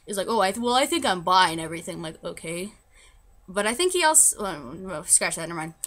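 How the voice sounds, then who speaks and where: A woman's voice: fairly low pitch, very animated, fast talker, fairly bright tone. A young woman telling a story to camera in a casual vlog, rambling with many restarts and fillers. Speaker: vlogger.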